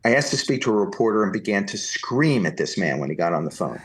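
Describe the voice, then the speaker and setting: A man from New Jersey, a podcast guest, telling long stories in an animated way and acting out the people he quotes. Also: fairly low pitch, quick pace. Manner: animated anecdotal storytelling, acts out quoted voices. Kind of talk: storytelling interview.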